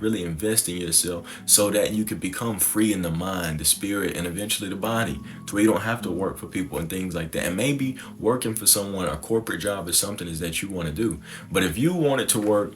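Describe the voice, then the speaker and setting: A young man telling his personal story to the camera in a reflective, conversational, slangy way. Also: low voice. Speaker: content creator.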